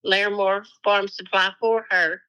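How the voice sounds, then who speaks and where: Woman chatting about the past, bright clear tone, lots of "you know". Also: mid-range voice, level tone, measured pace, rough recording. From Arkansas, US. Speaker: interviewee. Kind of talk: casual recollection in an interview.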